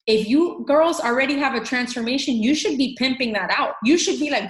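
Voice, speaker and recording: A woman in her thirties giving an animated motivational coaching talk, acting out little bits of dialogue. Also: high-pitched, fairly quick, few pauses. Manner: animated, acts out quoted dialogue. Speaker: fitness coach team leader. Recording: roomy echo.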